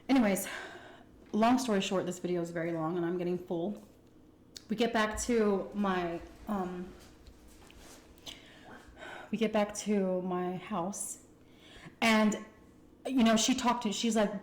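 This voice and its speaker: A young woman chats through a personal story between bites, animated, slipping into little acted-out quotes. Her voice sits at an ordinary middle pitch. The sound carries a noticeable echo from the room around her. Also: a little slow, long pauses. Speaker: mukbang storyteller. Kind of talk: casual storytime while eating. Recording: echoey room.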